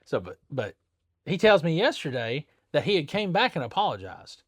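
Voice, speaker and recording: A man's voice: on the high side, normal speed, breathy edge, no echo. A man who works at a tire shop, telling a story in a casual chat, plain-spoken and acting out the people he quotes. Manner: animated, acts out quoted people with a raised voice; plain-spoken, loose grammar.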